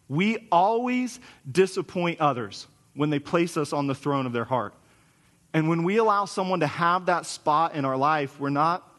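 Man, forties, pastor, sermon, high voice, earnest, conversational. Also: a bit bright. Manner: earnest, conversational preaching with storytelling asides.

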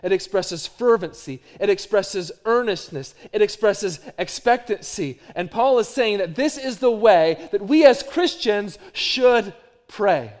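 A middle-aged man with a high-pitched voice preaches a sermon. His delivery moves between quiet, dropped phrases and louder emphatic runs of repetition. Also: lively intonation, measured pace, few pauses. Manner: varies from hushed to loud, repetitive emphatic phrasing. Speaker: pastor.

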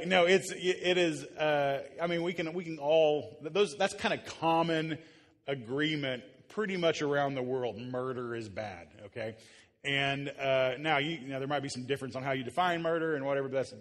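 A male pastor gives a relaxed, joking sermon to a congregation gathered in a church. He talks at an everyday middle pitch and often stops to restart his sentences, like someone chatting with the room. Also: normal speed, in a large hall. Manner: casual, joking, with frequent restarts. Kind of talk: conversational sermon. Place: church before a live congregation.

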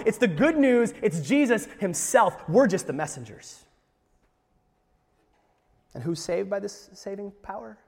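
A man preaching a sermon as pastor, animated, jumping from loud emphasis to quiet asides with jokes along the way. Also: high voice. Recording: long reverb of a large hall.

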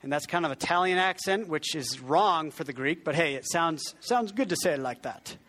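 His voice fairly high, animated, and a bit bright, a pastor preaches at a moderate pace. The sermon is conversational, full of restarted sentences and jokes at his own expense, and he asks the congregation to repeat words.

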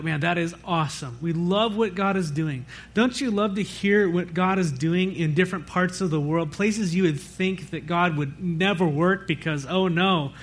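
A man's voice: high voice, fairly bright tone. A man preaching a sermon to his church as pastor, talking in a loose, conversational way with frequent fillers and self-corrections.

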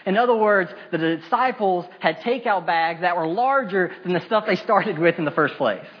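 A man's voice: sits high, moderate pace, husky, dull audio. A man preaching a sermon, retelling a Bible story with casual asides and acting out the voices of the people in it. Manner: animated storytelling, acting out the disciples' complaints; casual modern asides and repetition.

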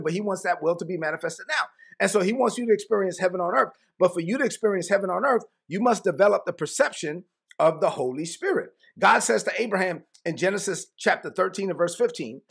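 Pastor, male, high gravelly voice, animated sermon delivery with slangy asides. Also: fairly quick. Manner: animated, acts out biblical dialogue in casual slang.

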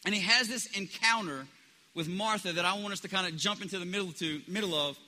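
A man's voice: high-pitched, fast talker, bright, forceful tone. A man preaching a sermon in a conversational way, often restarting his sentences and acting out the people he quotes. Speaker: pastor. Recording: preached in a reverberant hall.

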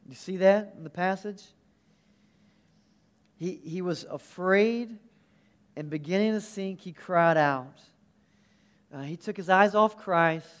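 A man preaching a sermon as pastor, earnest and animated, often restarting his phrases. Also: high voice, slow pace, pauses often.

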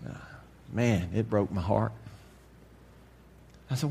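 A man preaching to a congregation in a candid, folksy way, dropping to a hush and then rising to loud emphasis. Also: fairly low pitch, slow, gravelly, a little hiss or hum. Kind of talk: sermon.

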